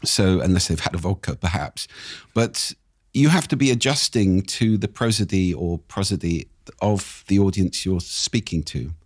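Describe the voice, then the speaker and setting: A man speaking as a guest on a podcast, explaining ideas with an expressive, animated delivery. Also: moderate pace, breathy edge, no echo, studio quality. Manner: expressive, animated delivery with wide pitch swings. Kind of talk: interview conversation.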